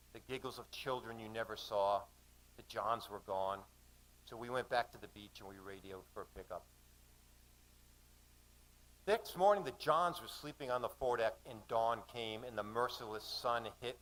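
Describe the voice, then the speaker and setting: A man poet performing a spoken-word story in a measured, vivid recitation at a live reading in a cafe. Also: on the low side, fairly bright tone, rough recording.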